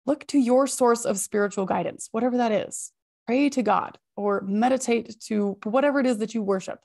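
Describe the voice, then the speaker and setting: A woman hosting a healthy-habits podcast, giving expressive, high-energy motivational advice with emphatic repetition. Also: normal speed, creaky. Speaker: podcast host and habits coach. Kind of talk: motivational self-help talk.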